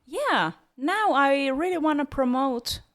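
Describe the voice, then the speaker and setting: Slow, giggly woman co-host. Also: high-pitched, lively intonation. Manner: giggly, easygoing, drawn-out speech. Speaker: podcast co-host. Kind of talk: casual podcast chat.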